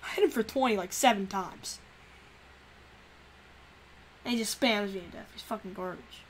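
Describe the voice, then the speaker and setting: A woman streaming a live game, ranting profanely in frustration and breaking into sudden shouts. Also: medium pitch, moderate pace. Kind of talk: live gameplay commentary. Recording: noisy background.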